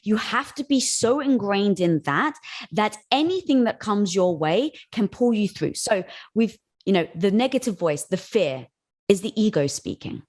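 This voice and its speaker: A woman's voice: mid-range voice, lively intonation, measured pace, darkish tone. A woman guest on an interview, giving advice in a casual, encouraging way. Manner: casual and encouraging, calls the host "girl".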